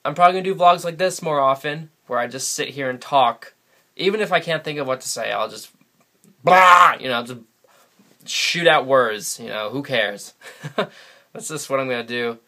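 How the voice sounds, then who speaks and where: Bright-voiced rambling New guy. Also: mid-range voice, normal speed. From New England, USA. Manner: rambling, chatty, laughs often. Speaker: vlogger. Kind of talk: casual solo vlog. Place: sitting alone in front of a camera. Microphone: camera mic.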